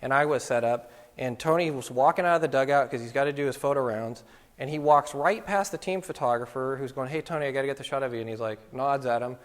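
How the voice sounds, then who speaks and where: A man's voice: mid-range voice, brisk. A middle-aged man giving a casual talk to photography students, telling anecdotes and acting out what people said. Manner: storytelling, acts out quoted voices. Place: lecture hall at a photography school. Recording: long reverb of a hall.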